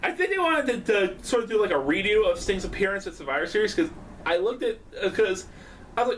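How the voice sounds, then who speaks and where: A man doing a rambling casual vlog at home, excitable and profane, laughing often. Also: sits high, brisk, distant mic, slight background noise. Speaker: vlogger.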